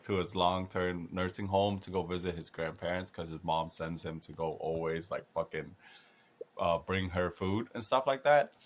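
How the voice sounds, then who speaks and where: A young man, a podcast host, telling a comic story in casual chat, swearing freely and loudly acting out the people in it. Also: low-pitched. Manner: animated, swearing, voices people in stories loudly.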